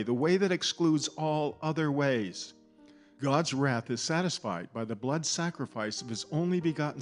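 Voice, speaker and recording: Measured male Bible teacher over music. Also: medium pitch. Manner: measured, deliberate, stresses key words. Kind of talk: scripted Bible teaching narration.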